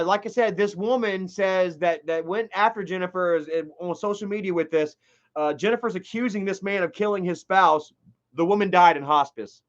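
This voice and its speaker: A man's voice: high voice, dull audio. A man streaming and retelling a story in a heated way, with lots of swearing and repetition. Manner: heated, swears a lot, repeats himself. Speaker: livestreamer. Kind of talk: rambling profane storytelling commentary.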